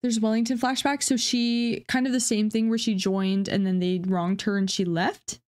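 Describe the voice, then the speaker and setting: A woman giving casual, excitable reaction commentary on a video game, swearing freely and thinking out loud. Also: on the high side, normal speed. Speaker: gaming reaction streamer.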